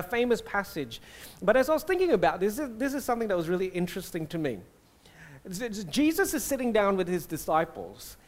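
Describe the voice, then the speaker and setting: A man from Singapore, a pastor preaching a conversational, animated sermon. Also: sits high.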